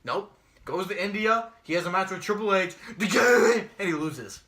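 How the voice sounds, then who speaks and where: A young man co-hosting a casual wrestling predictions podcast, ranting and cursing, rising into shouts when angry. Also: high-pitched, expressive, moderate pace. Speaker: podcast co-host.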